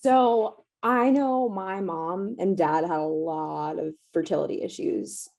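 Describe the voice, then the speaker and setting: Gravelly-voiced woman, emotional client. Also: on the low side, takes it slowly, low-quality recording. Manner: emotional, soft-spoken, laughs nervously. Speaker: client at a reading. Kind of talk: casual chat.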